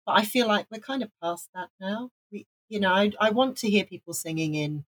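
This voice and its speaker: A Welsh woman co-hosts a podcast, chatting casually and enthusiastically at a brisk pace. Her animated voice is medium in pitch, and she often restarts her sentences.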